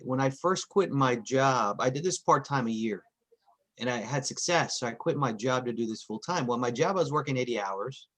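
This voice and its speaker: Animated Texan man on a video call. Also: mid-range voice. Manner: animated, acts out family members' voices. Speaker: meeting participant. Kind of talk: casual storytelling on a group call.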